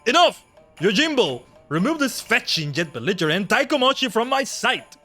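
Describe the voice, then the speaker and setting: Man doing a pompous lecherous lord, high raised voice, lively swoops, haughty drawl, video game cutscene read aloud. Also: fairly quick, soft background music. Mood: imperious.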